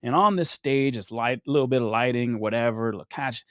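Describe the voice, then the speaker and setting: A young adult man, a podcast guest, telling stories in a lively way, acting out scenes and laughing often. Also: medium pitch, fairly quick, clean tone, dry recording, studio quality. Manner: animated storyteller who acts out scenes and laughs often. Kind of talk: casual storytelling chat.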